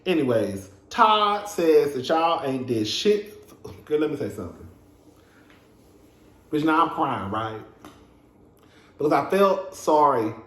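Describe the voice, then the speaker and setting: A man's voice: fairly high pitch, animated, slow pace, long pauses, a bit bright, reverberant. A man giving a casual, emphatic and profane recap of a reality TV episode, talking straight to his viewers as a show reviewer.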